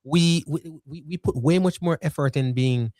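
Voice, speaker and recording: A man hosting a podcast interview, speaking in an animated, conversational way with playful asides. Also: a little high, normal speed, dry recording, studio quality. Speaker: podcast host.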